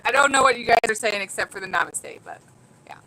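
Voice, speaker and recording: Woman streaming from home, reading chat, giddy and giggly, bright voice. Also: a little high, animated, a little fast, low-quality recording. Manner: giddy, laughing, reads comments aloud. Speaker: vlogger reading live chat. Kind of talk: casual livestream chat.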